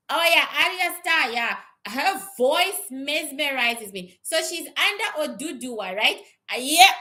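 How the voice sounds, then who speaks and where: A woman's voice: high-pitched, pushed and bright. A woman talking casually on a livestream as a psychic reader, answering viewers bluntly and with some swearing, often repeating herself.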